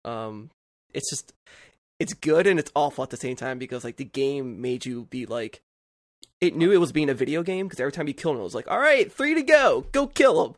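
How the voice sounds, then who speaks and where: A man's voice: medium pitch, fairly quick, a little mellow, dry recording, clean studio sound. A man co-hosting a podcast, telling a long, rambling story in casual chat, packed with "like" fillers. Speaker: podcast co-host.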